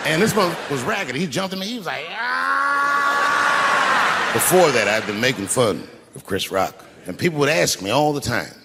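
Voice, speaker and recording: A male stand-up comedian telling profane stories with animated delivery, often breaking into shouts. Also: medium pitch, fast, few pauses. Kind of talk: stand-up set. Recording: large venue with long reverb, faint noise.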